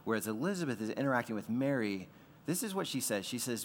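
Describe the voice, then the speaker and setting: A man's voice: medium pitch, big pitch swings, fast, big-room sound. A man preaching a sermon as pastor, in a conversational way that acts out the voices of the people he quotes.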